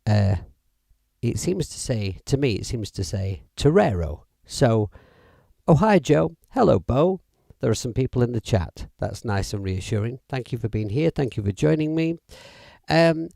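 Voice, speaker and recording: A man's voice: mid-range voice, vocal fry, dark tone, no room sound, studio quality. A middle-aged man, casually demoing music apps on a live stream, chatty and rambling with fillers and self-corrections. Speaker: music app demo livestreamer. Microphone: audio interface mic.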